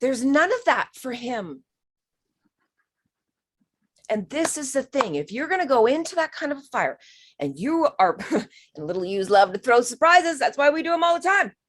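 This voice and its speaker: A woman's voice: high voice, big pitch swings, moderate pace, pauses often. A woman giving a spiritual healing reading on a live stream, talking frankly and emphatically, swearing now and then and calling the listener honey.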